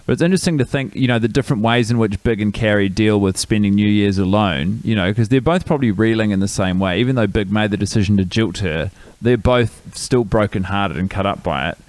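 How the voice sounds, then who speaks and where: A man's voice: lowish voice, fairly quick, hardly any pauses, a little mellow, dry recording. A man co-hosting a podcast, musing at length in a wry, casual way. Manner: wry, long-winded musing. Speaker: podcast co-host. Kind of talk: casual chat.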